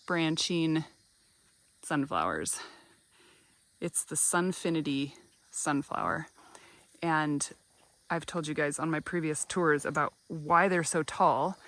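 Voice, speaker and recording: A woman with a somewhat low voice strolls through her garden outdoors, talking casually and gushing about each flower. She sounds a little tired and short of breath, and the recording carries a faint evening hum of crickets. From American Midwest. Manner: chatty, gushing about flowers, many ums. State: tired after a long drive, a bit out of breath. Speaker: garden vlogger.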